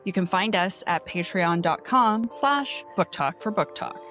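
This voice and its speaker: A woman's voice: medium pitch, animated, measured pace, a bit bright, faint music behind. A woman co-hosting a book podcast in casual chat, easygoing and laughing often. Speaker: podcast co-host.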